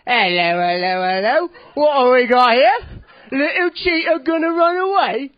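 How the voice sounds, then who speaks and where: A man's voice: extremely high pitch, animated, normal speed, no echo, voice pushed up. A man doing a taunting nature-show narrator. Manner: teasing, sing-song and loud. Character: sly, needling male nature-show narrator taunting a cub. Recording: dull lo-fi live recording.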